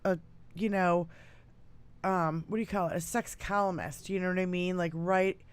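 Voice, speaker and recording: An American woman co-hosting a political talk show, chatting casually, swearing freely and breaking into loud laughter. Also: on the low side, moderate pace, clean tone. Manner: profane, laughs loudly, animated. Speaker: podcast co-host.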